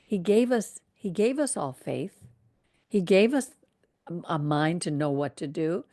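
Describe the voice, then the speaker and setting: A woman reading scripture aloud and pausing for reflective, conversational commentary as a Torah teacher. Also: fairly low pitch, animated, dark tone.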